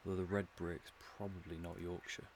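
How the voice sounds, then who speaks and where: A man's voice: low voice, flat delivery, a little fast, slight background noise. An English man streaming a game, musing and rambling in a casual commentary with dry humour. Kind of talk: casual commentary while playing.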